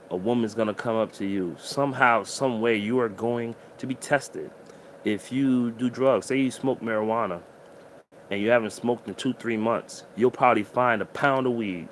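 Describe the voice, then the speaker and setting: A man's voice: medium pitch, a little hiss or hum. A man giving an emotional, preachy motivational monologue straight to the listener. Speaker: motivational speaker.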